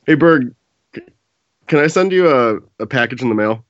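A man's voice: medium pitch, expressive, moderate pace, fairly bright tone, no room sound. A young man casually chatting on a podcast with short, dry interjections and crude jokes. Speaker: podcast co-host. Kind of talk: casual chat. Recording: dry, slightly dull sound.

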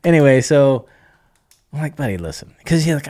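A middle-aged man talking in a casual podcast conversation, coaching in an animated way, acting out bits of dialogue and chuckling often. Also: medium pitch, fairly quick, no echo, clean studio sound.

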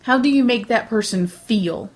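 A woman co-hosting a podcast in casual chat, talking in a rambling, animated way with many restarts. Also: fairly high pitch, normal speed. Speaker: podcast co-host.

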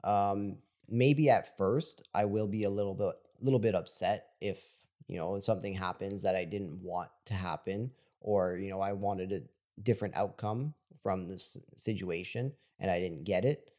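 A man co-hosting a casual podcast with a very deep, mellow voice. He talks in a calm, measured way and is quick to agree. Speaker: podcast co-host.

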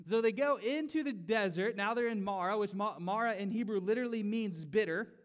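Male preacher, high voice, conversational delivery that builds to emphatic pleas. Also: brisk, few pauses. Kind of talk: sermon.

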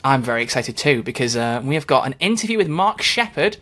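A man's voice: mid-range voice, sing-song, brisk, fairly bright tone. A man co-hosting a casual podcast chat, joking and making puns as he introduces the show. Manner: playful, jokey, punning. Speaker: podcast co-host.

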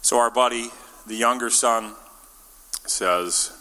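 This preacher talks slowly at a medium pitch, keeping his sermon conversational and playful while slipping into small voices for the characters he describes. His delivery is bright and forceful, trailed by the long echo of a big church.

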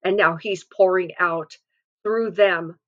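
A middle-aged woman delivers a homespun devotional sermon in a lowish voice. She retells scripture conversationally, stopping to correct herself and add asides. The recording is dull and lo-fi. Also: fairly even intonation, slow. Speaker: devotional speaker.

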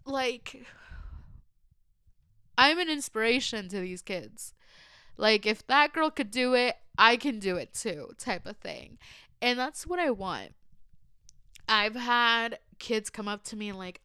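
A woman's voice: medium pitch, a little slow, pushed and bright, clean tone, no room sound, clean studio sound. A young woman hosting her own podcast, casual and earnest, chatting lots of "like" and slipping into phrases. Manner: emotional and earnest. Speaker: podcast host. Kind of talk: casual solo podcast chat.

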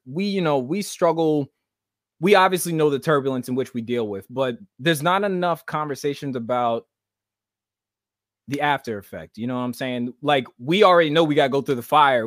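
A young man hosting a podcast over a video call, talking in lively, slangy casual chat. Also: medium pitch, no echo, studio quality. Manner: animated, slangy, hyped talk. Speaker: podcast host.

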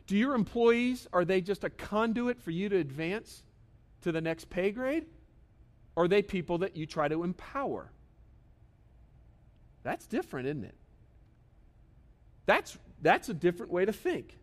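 A man's voice: sits high, sing-song, a little slow, pauses often. A man in his thirties preaching a sermon as a pastor, talking conversationally and asking many rhetorical questions.

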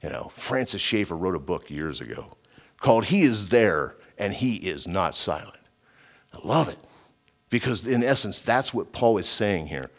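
A middle-aged preacher and radio Bible teacher delivers an informal, verse-by-verse sermon, emphatic and talkative, frequently using "you know" and drifting from his notes. His voice is low, moves through big pitch swings, and keeps a normal pace.

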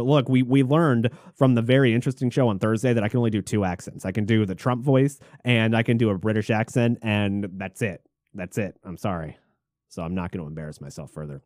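A man hosting a podcast, casually riffing on current news with jokes and swearing, trailing off into mumbles between louder bursts. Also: on the low side, no room sound, studio quality. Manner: jokey, irreverent, swears freely. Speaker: podcast host.

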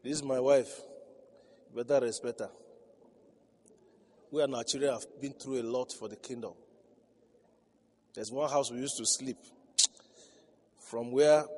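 This pastor's mid-range voice holds a steady, warm tone at normal speed, broken by long pauses. He preaches through stories, laughs often, and builds to emphatic crescendos, all captured in a reverberant hall.

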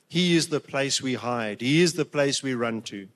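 Speaking to his congregation, a preacher delivers an emotional sermon at a moderate pace with few pauses. His medium-pitched voice is animated and a bit bright, and he stumbles through restarts before rising to emphatic high points.

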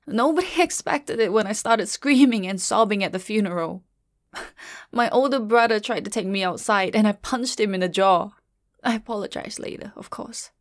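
A middle-aged woman tells a personal story in a quiet, measured voice with a grieving undertone. Her pitch sits in the middle range. The recording is dry and close, with no room sound. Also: no echo. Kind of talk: first-person story narration.

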